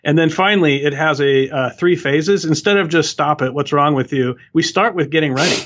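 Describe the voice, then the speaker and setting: A man's voice: a little high, a little fast, fairly bright tone, lo-fi sound. A man who is an author and guest on a podcast, explaining his points earnestly and steadily. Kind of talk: interview answers.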